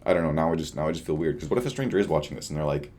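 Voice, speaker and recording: A young man with a very low, deep voice chats through a late-night video diary. He sounds tired and rambles, often trailing off with a shrug in his voice. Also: rapid-fire, darkish tone. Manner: rambling, self-deprecating, trails off. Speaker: vlogger.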